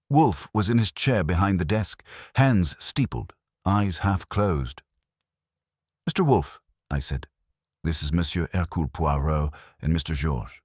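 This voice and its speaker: Very deep-voiced man narrating. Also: no echo, studio quality. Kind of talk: scripted first-person narration.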